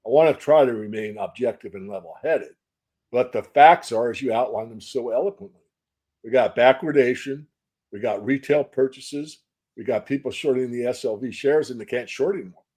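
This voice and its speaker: An older man answering interview questions as a market analyst, measured and folksy, repeating phrases for emphasis. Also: mid-range voice, darkish tone, breathy edge. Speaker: silver market analyst guest.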